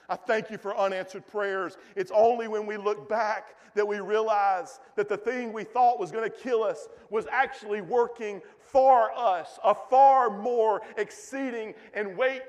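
Man, pastor, sermon, folksy and emphatic, high pitch, long reverb. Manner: storytelling preacher, folksy jokes, emphatic.

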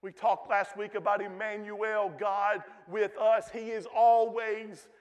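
A man's voice: high-pitched, flat delivery, slow pace, long reverb tail, highs cut off. A man, a pastor preaching a folksy, emphatic sermon in a church.

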